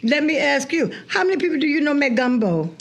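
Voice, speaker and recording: A New woman with a fairly high voice that swoops up and down as she talks. She tells animated stories and acts out what people said to her, laughing often between lines. Her comes through in a relaxed, chatty interview. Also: fast talker. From New Orleans, USA. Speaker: guest historian. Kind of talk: casual interview chat.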